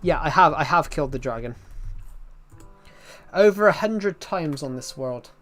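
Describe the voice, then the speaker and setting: A man's voice: a little high, lively intonation, a little slow, fairly bright tone, faint music behind. A man chatting casually while streaming a game, rambling and answering viewers' questions as he plays. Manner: rambling, restarts sentences, answers chat questions. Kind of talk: casual live-stream chat while playing.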